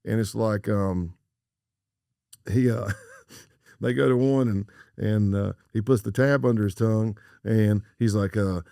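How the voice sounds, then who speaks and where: A man's voice: lowish voice, moderate pace, vocal fry, mellow, no room sound, studio quality. A middle-aged American man, a former undercover agent, telling a story as a podcast guest and acting out the dialogue he quotes. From United States.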